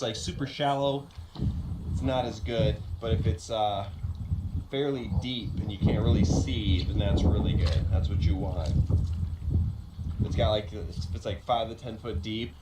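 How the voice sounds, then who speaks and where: A man casually narrating his fishing trip from a boat on a lake, chatty and thinking aloud as he goes. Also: on the low side. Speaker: fishing vlogger. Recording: distant, roomy, heavy outdoor noise.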